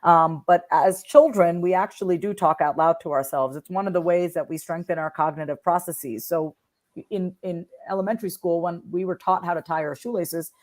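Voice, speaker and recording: A woman's voice: on the low side, normal speed. A woman from Long Island, New York, talking as a guest in a casual interview and acting out sample tones of voice as she explains. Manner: expressive, acts out sample voices in different tones. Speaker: author and guest.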